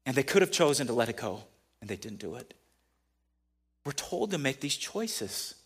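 A man's voice: mid-range voice, very animated, moderate pace, husky. A man preaching a sermon in a conversational way, building to emphatic peaks. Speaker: pastor.

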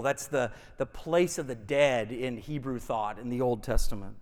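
A man preaching a sermon as pastor, talking in a conversational, animated way with frequent restarts. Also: mid-range voice, moderate pace, few pauses, big-room sound. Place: church sanctuary.

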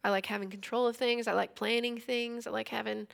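A woman's voice: fairly high pitch, flat delivery, brisk, gravelly. A woman in her thirties teaching a Bible passage in a casual, conversational way. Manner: conversational, retells scripture in everyday speech.

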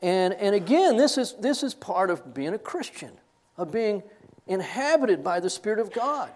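A man's voice: high voice, normal speed. An older man teaching from a Bible passage to students in a sermon style, laughing and getting choked up as he tells stories. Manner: animated, laughs and chokes up while telling stories. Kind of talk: classroom sermon.

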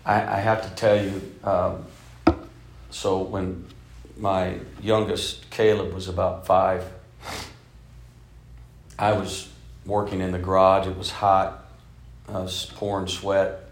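Low-voiced man preaching in an echoey hall. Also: level tone, slow. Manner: storytelling preacher, swinging from loud emphasis to soft, hushed delivery. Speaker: bishop preaching to a congregation. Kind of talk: sermon. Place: church sanctuary.

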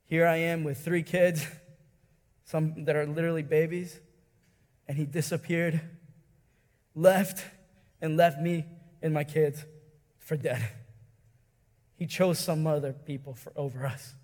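A man with a high voice preaching in a church hall, telling a story with his feelings running high. He swings from hushed, tender lows to loud, stirred peaks and stumbles over repeated words. His voice carries a long reverb through the room. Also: fairly even intonation, a little slow, long pauses. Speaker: pastor. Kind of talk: sermon.

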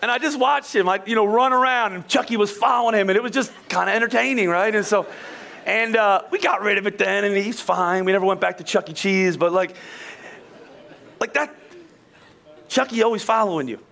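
A man preaching a sermon in an animated, conversational way, acting out quoted voices. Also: sits high, fairly quick, gravelly. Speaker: pastor.

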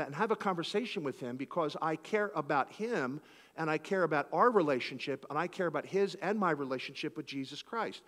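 Male pastor from Philadelphia, high bright voice, lively sermon with acted-out exchanges, long church-hall reverb. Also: fairly quick. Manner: animated preaching, acts out conversations.

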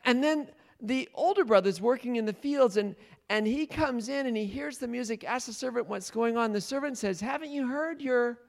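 A man's voice: very high voice, normal speed, creaky, few pauses. A man leading a Bible study, retelling a story and questioning his listeners, laughing often. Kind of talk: interactive Bible teaching.

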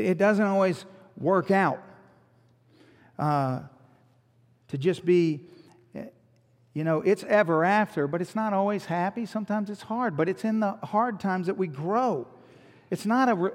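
A man preaching a sermon, animated, with rhetorical questions and joking asides to the congregation. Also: high voice, in a large hall. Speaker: pastor.

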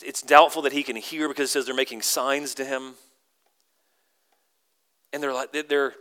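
A pastor preaching a sermon, animated and acting out the crowd's lines in sudden high voices. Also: male voice, clean tone.

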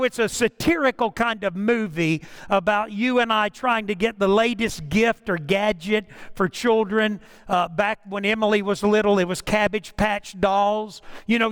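A man's voice: sits high, moderate pace, hardly any pauses, fairly bright tone, smooth. A man preaching a sermon, telling stories in a conversational way with frequent restarts. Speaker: pastor.

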